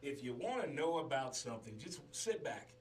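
A man's voice: mid-range voice, sing-song, moderate pace, recorded from a distance, slight background noise. A man in casual conversation, giving easygoing, opinionated asides. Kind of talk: casual movie chat.

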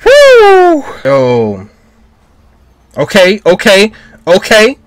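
Excitable man yelling at an anime. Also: sits high, takes it slowly. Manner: excitable, exclaiming and shouting at the screen. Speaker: anime reaction host. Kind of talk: live anime reaction.

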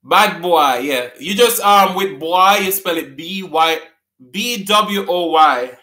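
High, slow-talking Jamaican man. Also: bright, forceful tone, echoey room. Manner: repeats words slowly and laughs often. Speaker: host. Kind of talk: live-stream trivia chat with viewers.

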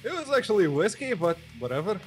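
A man's voice: high-pitched, big pitch swings, fast talker, faint music behind. A man from Portugal, co-hosting a gaming podcast in casual chat, hesitant and self-deprecating. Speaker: podcast co-host.

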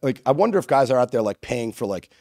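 A man's voice: medium pitch, sing-song, fast talker, darkish tone, no echo. A man hosting a podcast in a studio, bantering in a crude, joking way. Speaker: podcast host. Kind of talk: casual chat.

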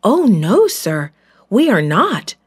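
A woman's voice: wildly swooping pitch, slow, slightly rough, full character voice. A woman voicing a group of frightened grown brothers who plead anxiously, in a children's storybook. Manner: pleading, anxious, higher pitched.

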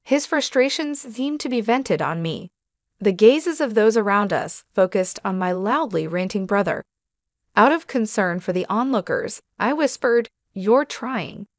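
In a steady, measured way, a woman narrates a scripted first-person story. The recording of her mid-pitched voice is close and dry, and there's no room sound at all.

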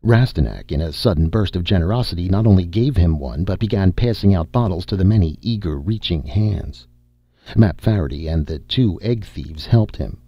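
A man narrating a science fiction audiobook in a steady, measured reading. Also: low-pitched, husky, no echo, highs cut off.

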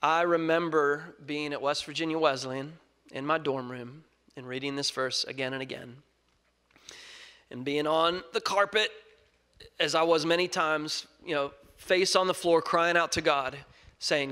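A young man preaching a sermon, earnest, moving between loud emphasis and soft scripture reading. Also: a little high, fairly even intonation, normal speed, clean tone. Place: church sanctuary. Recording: long reverb of a large hall.

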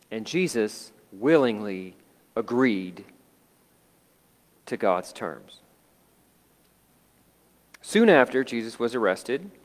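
A man delivers a sermon in a deliberate, unhurried way. His voice swells and then sinks to near quiet. A long reverb from a church sanctuary trails behind every phrase. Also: medium pitch. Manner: slow, dramatic, dropping to hushed tones. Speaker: pastor.

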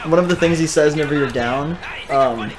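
A man plays a game while chatting and eagerly points out details for his co-host. His voice sits a little on the higher side. Game music fills the background. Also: fairly quick. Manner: enthusiastic, explains game moves. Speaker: gaming host, player. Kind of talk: casual gameplay commentary.

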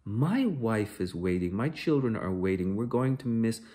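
A man with a low voice reading the part of a tired, patient male traveller who answers an interrogation calmly and quietly. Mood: weary. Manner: calm, quiet, measured answers.

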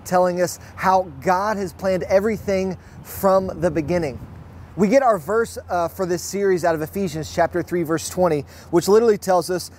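A young adult man, preaching a sermon and telling a personal story with acted-out quotes. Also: high voice. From Fort Worth, Texas. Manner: lively storyteller, acts out quotes. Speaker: pastor. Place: online church service.

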